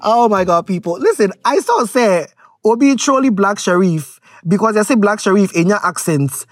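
A woman's voice: medium pitch, lively intonation, normal speed, dry recording, clean studio sound. A woman with a Ghanaian accent gives frank, rambling casual commentary to her viewers, slipping Twi words into her English.

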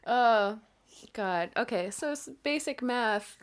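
A woman's voice: on the high side, lively intonation, slow, clean tone. A woman from Canada co-hosting a podcast in casual chat, rambling and laughing often, with a casual habit of swearing. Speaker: podcast co-host.

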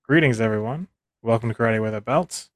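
A man's voice: mid-range voice, fairly quick, dry recording. Brief: male co-host, casual joking banter, self-mocking, close dry mic. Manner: joking, self-deprecating, rambling. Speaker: podcast co-host. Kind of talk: casual chat.

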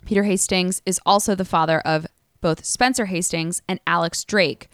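A young woman calmly laying out a tangled story on a podcast, with dry jokes. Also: fairly low pitch, normal speed, clear, resonant tone, no echo. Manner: matter-of-fact explainer, dry jokes. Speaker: podcast guest. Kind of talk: casual chat.

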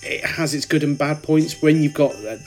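A man's voice: a little high, steady tone, normal speed, a little mellow, faint music behind. A British man co-hosting a podcast, giving dry, sarcastic commentary in casual chat. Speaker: podcast co-host.

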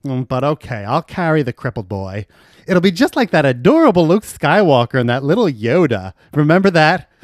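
A man's voice: on the high side, big pitch swings, normal speed, no echo, studio quality. A man voicing a campy, theatrical male convict who pleads with the others. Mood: pleading.

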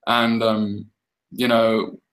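A man's voice: lowish voice, little pitch movement, very slow, a bit bright, poor audio. A man speaking as a guest minister, telling a casual testimony full of fillers and restarts, and turning firm when he describes commanding prayer.

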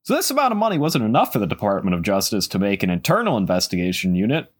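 A man hosting a podcast, telling a history story in casual chat, animated with sarcastic asides. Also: fairly low pitch, very fast.

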